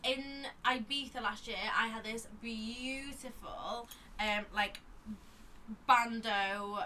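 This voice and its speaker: A woman's voice: on the high side, fairly even intonation, takes it slowly, pushed and bright, a little hiss or hum. A young woman co-hosting a podcast, chatting casually, laughing often and swearing. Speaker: podcast co-host. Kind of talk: casual chat.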